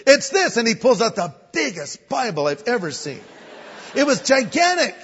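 Older preacher, high voice, lo-fi sound. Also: male voice, normal speed, slightly rough, long reverb tail. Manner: animated storyteller acting out voices of people. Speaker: guest pastor. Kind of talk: sermon with storytelling. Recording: dull lo-fi sound.

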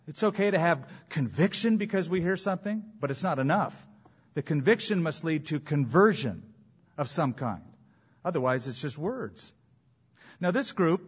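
A male pastor with a husky, fairly high voice preaches with emphasis, slowing down and repeating key phrases for weight. The recording sounds a little dull and muffled. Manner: emphatic preaching with dramatic pauses and repetition. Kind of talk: sermon.

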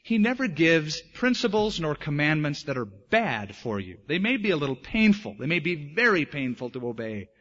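A man preaching a sermon as pastor, lively and emphatic, acting out the voices of people in his stories. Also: fairly high pitch, moderate pace, few pauses. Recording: dull lo-fi sermon recording.

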